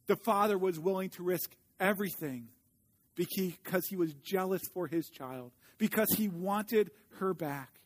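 A man preaching a sermon in an earnest way, slowing down when he reads scripture aloud. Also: high-pitched. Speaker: pastor.

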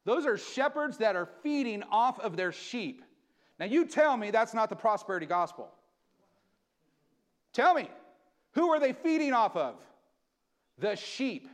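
A man preaching a sermon in a church, reading scripture slowly and building to loud, emphatic bursts. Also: very high voice, very animated. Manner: slows to read scripture aloud. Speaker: pastor. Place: church sanctuary.

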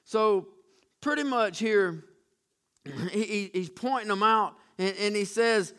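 A man's voice: sits high, takes it slowly, pauses often, fairly bright tone, clear, resonant tone. A man preaching a sermon emphatically, often restarting words and calling out to his congregation.

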